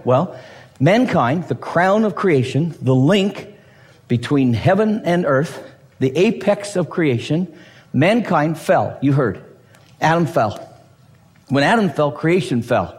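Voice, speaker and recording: A middle-aged male pastor preaching a sermon and teaching his congregation, often checking in with them. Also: on the high side. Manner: animated preaching with repeated rhetorical checks.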